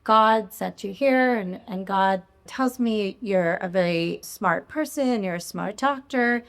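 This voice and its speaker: A woman's voice: medium pitch, slow pace. A woman quoting a praying woman who blesses and reassures a doctor in a fervent, soothing way.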